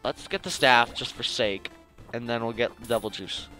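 A man's voice: medium pitch, moderate pace, bright, forceful tone, faint music behind. A young man giving casual, jokey commentary over his own video game play, talking to the enemies on screen. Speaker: gaming channel host.

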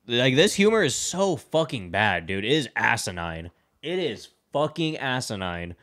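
A man's voice: medium pitch, big pitch swings, a little slow, fairly bright tone. A man hosting a podcast, casually recapping a movie plot in a rambling, profane way, full of fillers. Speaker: podcast host.

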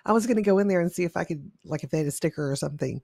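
A podcast co-host chatting casually, upbeat and quick to laugh, steering the talk through a list of topics. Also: medium pitch, vocal fry, warm tone, dry recording, studio quality. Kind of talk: unscripted casual chat.

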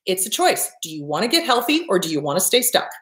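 Woman therapist-host, brash and emphatic, lively high voice, roomy echo. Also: fast talker. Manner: blunt, emphatic, swears freely, acts out quotes. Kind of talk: direct self-help talk to camera.

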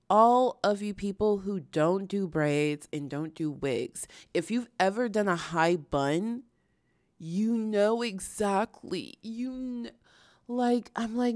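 A woman's voice: medium pitch, slow pace, a little mellow, dry recording, clean studio sound. A woman hosting a casual reaction video, chatty and exasperated, with many fillers and restarts.

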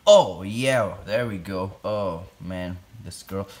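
A man with a fairly low voice talks fast and nervously as he handles a pet spider. He keeps up a jumpy, excitable patter, coaxing the animal and calling out to his viewers. The sound comes from a phone recording in a room at home. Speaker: tarantula keeper vlogger. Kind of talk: casual vlog narration. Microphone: phone camera.

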